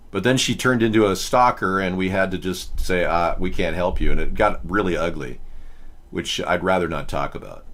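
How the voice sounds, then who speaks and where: A man's voice: lowish voice, a bit bright. A man hosting a live video chat show, rambling casually with many fillers and restarts. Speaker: host.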